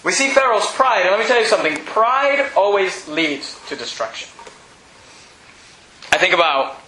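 High-voiced, bright, animated preacher man. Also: normal speed, echoey room, low-quality recording. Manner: animated, repeats words, acts out quotes with sudden loud lines. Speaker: pastor. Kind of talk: sermon.

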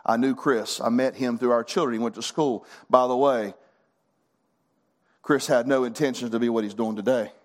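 A man's voice: medium pitch, steady tone, normal speed. A middle-aged man preaching a sermon as pastor, folksy and fervent, building to emphatic bursts.

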